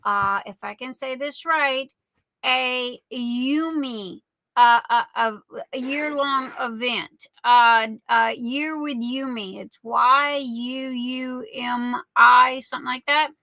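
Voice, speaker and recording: Chatty woman, bright and high-pitched. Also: slow pace, creaky, no room sound, rough recording. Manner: chatty, affectionate, rambling with many fillers. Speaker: livestream host. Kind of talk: casual chat greeting viewers.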